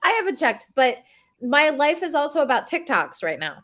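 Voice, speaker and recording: Woman, middle-aged, host, chatty, slightly high and very lively voice. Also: normal speed. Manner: chatty, laughs often. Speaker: podcast host. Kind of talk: casual chat.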